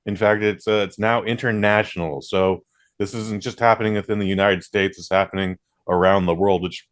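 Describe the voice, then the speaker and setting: A man's voice: on the low side, fairly even intonation, brisk. A man hosting a podcast, chatting casually and ranting with plenty of swearing. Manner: ranting, profane. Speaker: podcast host. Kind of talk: casual chat.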